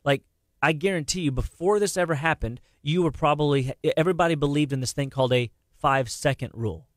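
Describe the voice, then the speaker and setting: A middle-aged man holds forth on a radio health show. He is lively and quick, full of restarts and repeated words. His voice sits a little high for a man and sounds close and dry at the microphone. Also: dry recording. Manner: animated, talks fast with many restarts and repeated words. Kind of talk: casual radio health talk.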